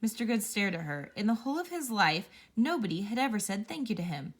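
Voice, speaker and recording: A woman reads a children's storybook aloud with playful expression. Her voice rises and falls widely as she tells it, pitched in the middle for a woman. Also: big pitch swings, brisk. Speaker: storybook reader.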